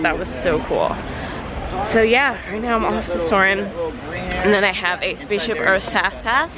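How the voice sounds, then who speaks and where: Chatty young woman, freshly woken and croaky. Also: mid-range voice. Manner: chatty, excited, lots of fillers. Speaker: travel vlogger. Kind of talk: casual vlog chat. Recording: noisy outdoor street background.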